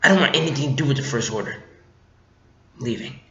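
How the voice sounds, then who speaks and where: Guy doing a low mumbly fed-up young guy, bright tone, echoey room. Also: expressive, fast, creaky. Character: young man deserter, fed up and defensive. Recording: echoey room, dull lo-fi mic.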